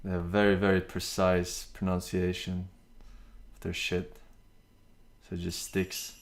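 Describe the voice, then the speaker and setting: A man's voice: sits low, monotone, unhurried. A male streamer chatting casually during a reaction stream, rambling and restarting often as he reads out names from chat.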